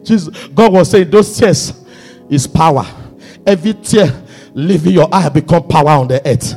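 Husky man preaching with shouted climaxes. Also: expressive, normal speed, soft background music. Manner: preaching with sudden shouted climaxes and hushed low passages. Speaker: pastor. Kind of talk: sermon.

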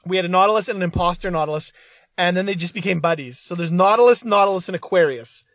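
A man's voice: high voice, fast talker, fairly bright tone, dry recording. A young man co-hosting a casual podcast, blunt and profane, often laughing as he talks. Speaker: co-host.

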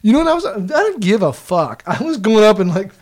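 Man with a higher voice, casual and profane storyteller, laughs often. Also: sing-song, fast talker, darkish tone. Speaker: guest, former team video staffer.

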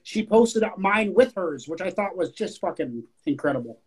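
A woman's voice: fairly low pitch, animated, normal speed, darkish tone, husky, rough recording. Emphatic woman co-host, repeating herself. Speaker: podcast co-host. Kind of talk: casual chat.

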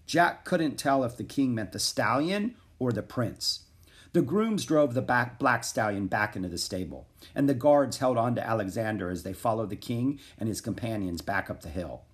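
A man narrating a children's chapter book aloud in an expressive, animated way. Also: mid-range voice, normal speed. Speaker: audiobook narrator.

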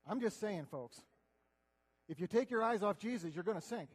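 Male preacher, earnest and conversational, high voice, reverberant hall. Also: animated, normal speed, breathy edge. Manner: earnest, conversational, swings between loud and hushed. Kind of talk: sermon.

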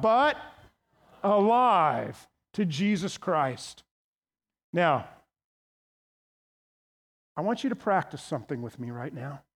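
A pastor preaching a sermon with emphasis and leading his congregation in call-and-response. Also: high voice.

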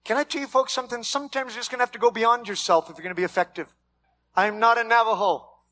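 Casting: male pastor, high bright voice, lively sermon delivery with shouted punches and jokes. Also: fast. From Mexican heritage, raised among white Americans. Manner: animated preaching with shouted peaks and humor.

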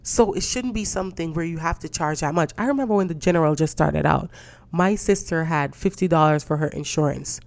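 Brisk and creaky, this podcast host has a deep, slightly mellow voice. Her casual solo rant is profane and indignant, and she tells stories by quoting other people's voices.

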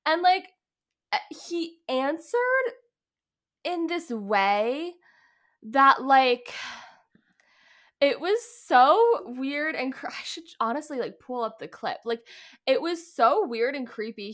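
A bright-voiced woman co-hosting a podcast, chatting casually and animatedly about a TV show. Her voice sits a little high and sounds crisp and lively, with plenty of restarts and fillers. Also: takes it slowly, long pauses. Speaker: podcast co-host. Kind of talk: casual chat recapping a reality show.

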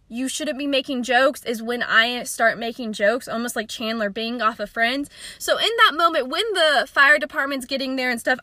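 A young woman tells her own story on a podcast, chatty and self-mocking, laughing now and then. Her voice sits high and bright, and the recording is dry and close with no room around it. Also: dry recording. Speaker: podcast host. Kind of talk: casual storytelling.

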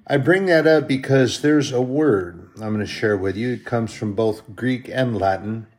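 A man preaching a sermon, impassioned and emotional, swelling loud on scripture verses and then dropping to a soft, hushed tone. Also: mid-range voice, normal speed. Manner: emotional, moved while reading.

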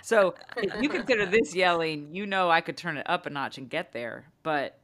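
There's a little hiss or hum behind this woman's fairly low voice, which runs at normal speed. In her thirties and co-hosting a podcast, she chats casually through a story, bringing it to life by imitating her kids' voices.

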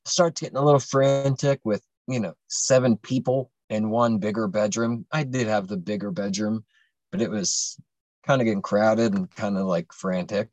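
A man's voice: on the low side, moderate pace, darkish tone, no room sound, lo-fi sound. A young adult man casually telling a long personal story on a podcast, rambling and profane, with many fillers and restarts.

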